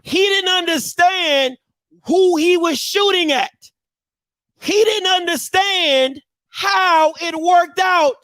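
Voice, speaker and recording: A man in his thirties hosting a show, delivering a heated commentary rant with mocking rapid-fire rhetorical questions and bursts of shouting. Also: very high voice, no echo, studio quality. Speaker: show host.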